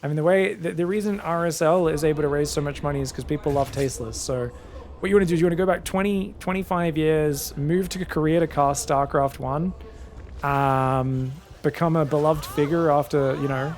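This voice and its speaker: A man commentating a strategy game solo, quick excitable play-by-play with casual asides to his viewers. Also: on the high side. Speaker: esports caster.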